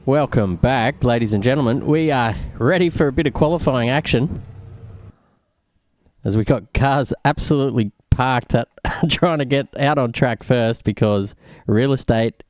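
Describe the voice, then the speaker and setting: A man's voice: medium pitch, normal speed, a little mellow, no echo. A man, commentating a lap of a sim racing track and explaining each corner. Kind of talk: live race commentary.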